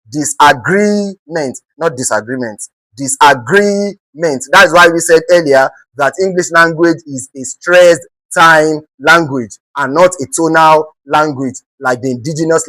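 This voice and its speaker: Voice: medium pitch, fairly bright tone, no echo, rough recording. A teacher with a Nigerian accent giving an exam-prep English lesson, often asking "what?" and answering the question, and spelling words out letter by letter. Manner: keeps asking the class "what?" and then answering it; spells words out letter by letter and repeats them slowly.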